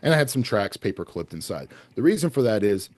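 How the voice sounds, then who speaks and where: A man talking as a podcast guest, telling animated anecdotes in a casual way and laughing often. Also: on the low side, fast talker, no room sound. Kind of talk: casual storytelling chat.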